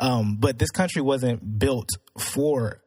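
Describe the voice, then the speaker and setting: A man's voice: mid-range voice, slow, darkish tone, slightly rough, no echo, studio quality. A man in a casual debate, speaking bluntly and pushing back with provocative questions. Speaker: discussion participant.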